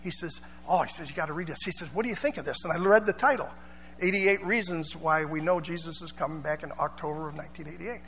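Preaching fast in a church, this male pastor keeps his sermon loose and conversational and invites the congregation to call back. His voice is high and bright, set against a long echo and a faint hum.

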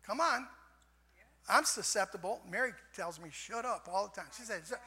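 An older man preaching a sermon in a folksy way, repeating "amen" and swinging from soft passages to shouts. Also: high voice, expressive, moderate pace, husky. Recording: long hall reverb.

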